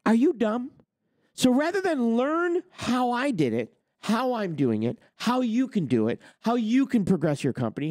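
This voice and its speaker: A man's voice: high-pitched, a little mellow, dry recording, studio quality. A man hosting a trucking talk channel, ranting with heated sarcasm and swearing. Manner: heated, sarcastic, swears, mocks others in put-on quotes. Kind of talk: ranting opinion monologue.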